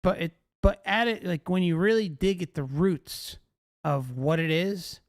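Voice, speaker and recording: Higher-voiced male host, crisp and dry. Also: lively intonation, measured pace, no room sound. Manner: emphatic, repetitive rhetorical questions. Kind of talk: commentary.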